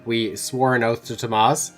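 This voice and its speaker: A man's voice: medium pitch, level tone. Joking man riffing in a let's play. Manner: joking, crude asides, quick riffs. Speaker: co-host gamer. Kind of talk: casual let's play banter.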